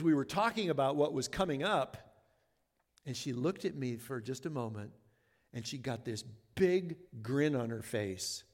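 A man pastor preaching a sermon in an earnest, conversational way, leaning on words for emphasis. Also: fairly high pitch. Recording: long reverb of a large hall.

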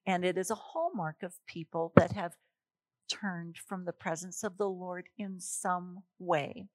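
A woman teaching a Bible passage in an animated, emphatic way, reading verses and explaining them. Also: fairly low pitch, measured pace, dry recording. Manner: animated, emphatic, chuckles at her own points. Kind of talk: expository sermon.

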